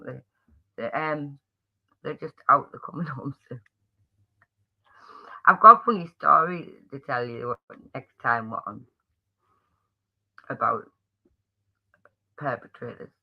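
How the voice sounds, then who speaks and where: A friendly man with a Geordie accent chats on a livestream in a fairly high voice, rambling a little and restarting his sentences as he greets his viewers by name. The sound is a bit dull and muffled. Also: animated, measured pace, pauses often. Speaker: livestream host.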